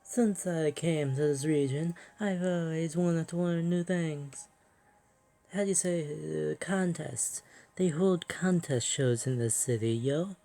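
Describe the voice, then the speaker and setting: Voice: mid-range voice, slow pace, mellow, faint music behind, voice pushed up. A player putting on a put-on French accent to voice a flamboyant woman gym leader in broken, grandiose English during game commentary.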